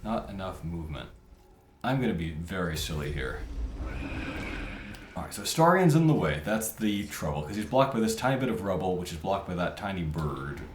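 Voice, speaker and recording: A gameplay commentator with a low, sing-song voice speaks at a normal speed, casually thinking aloud and muttering over his tactics as he plays. There's a little hiss or hum, and game music plays behind the roomy mic.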